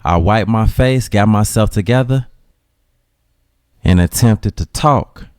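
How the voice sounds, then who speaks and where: A man with a Chicago accent narrating a dramatic story in a slangy, casual way with dramatic pauses. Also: lowish voice, a little mellow, smooth, no room sound, clean studio sound.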